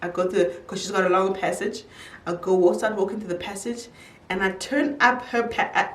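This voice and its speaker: A young woman telling a casual storytime, animated, her voice jumping high whenever she quotes someone. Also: moderate pace, distant mic. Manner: animated storyteller, jumps high when quoting. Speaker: YouTuber. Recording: roomy echo, a little off-mic.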